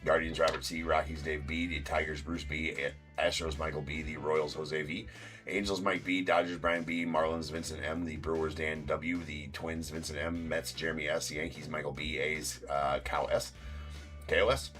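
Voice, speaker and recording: A man's voice: rumbling low, little pitch movement, moderate pace, a bit bright, soft background music. A man hosting a live-stream card break, talking loosely and casually, swearing and then jokingly apologizing. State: sore tooth.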